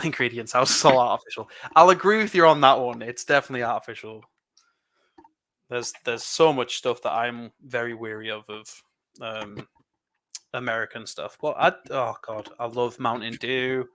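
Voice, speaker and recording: Bright-voiced chatty English man. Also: medium pitch, fairly even intonation. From England. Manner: chatty, rambling, quick laughs. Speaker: livestream co-host building LEGO. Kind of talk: casual chat.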